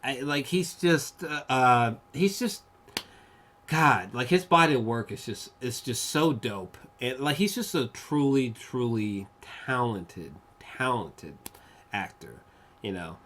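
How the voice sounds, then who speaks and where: A man giving a casual spoken film review, rambling and profane, full of fillers, with bursts of excited gushing. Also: mid-range voice, takes it slowly, slight background noise. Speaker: movie reviewer.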